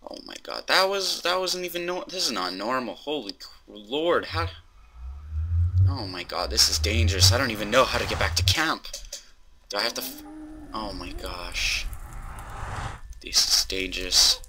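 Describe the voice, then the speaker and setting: A young man hosting gameplay commentary, excitable and full of startled exclamations. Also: on the low side, moderate pace, long pauses, a little hiss or hum. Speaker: host.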